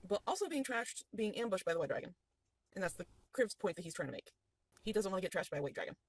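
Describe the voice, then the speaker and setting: A woman's voice: medium pitch, no room sound, rough recording. A woman as game master, recapping a tabletop game session with playful storytelling.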